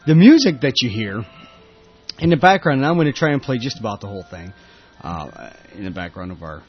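A man's voice: medium pitch, big pitch swings, brisk, highs cut off, faint music behind. A man hosting a casual tech podcast, rambling and laughing with many fillers. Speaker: podcast host. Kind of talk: casual tech show chat.

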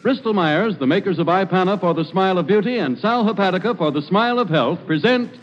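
Fairly high-voiced male radio announcer. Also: animated, quick pace. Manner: smooth formal announcing, amiable straight man. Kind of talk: 1940s radio announcing and banter. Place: live radio show at an army post. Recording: muffled old radio broadcast.

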